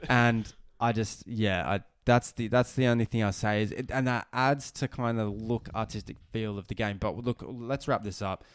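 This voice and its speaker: A man's voice: lowish voice, normal speed, hardly any pauses, clear, resonant tone, no room sound. Man ranting about games. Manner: animated ranting, swearing, frequent restarts. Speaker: podcast co-host. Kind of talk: casual gaming podcast chat.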